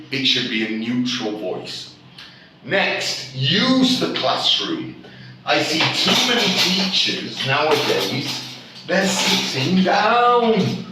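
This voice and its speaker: A man's voice: mid-range voice, bright, forceful tone, a little hiss or hum. A man from Yorkshire, England, a teacher giving blunt, emphatic classroom advice in a classroom. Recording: echoey room, mic far off.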